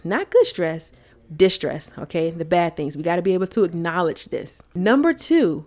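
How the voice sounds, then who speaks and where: A woman's voice: fairly low pitch, a little mellow. A woman speaking as a wellness coach in motivational coaching talk, earnest and firing off rhetorical questions. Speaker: wellness coach and podcast host.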